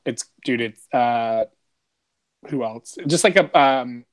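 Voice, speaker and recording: A man's voice: mid-range voice, slow. Chatty profane man riffing on a podcast. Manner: rambling, profane, peppered with "dude" and "like". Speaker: podcast co-host. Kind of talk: casual podcast chat.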